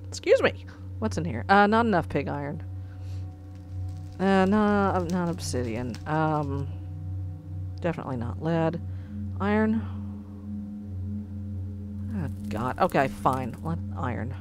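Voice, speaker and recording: A woman's voice: low voice, expressive, slow pace, long pauses, background noise. A woman playing a computer game and commenting as she goes, getting exasperated and swearing, then trying to keep it clean. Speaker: gamer. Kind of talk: let's play commentary. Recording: music under the voice. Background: background music.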